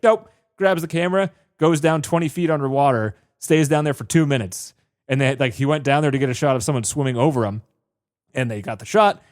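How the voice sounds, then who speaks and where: A man co-hosting a casual film podcast, rambling through behind-the-scenes stories and laughing often. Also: on the high side. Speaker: podcast co-host.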